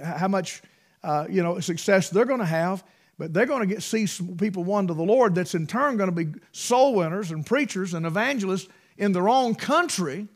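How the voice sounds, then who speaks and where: A man preaches in a high, bright-pitched voice. He spins folksy stories from the pulpit, pushing hard on key words and then dropping to hushed asides. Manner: folksy, emphatic, swings between loud bursts and hushed asides. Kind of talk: storytelling sermon.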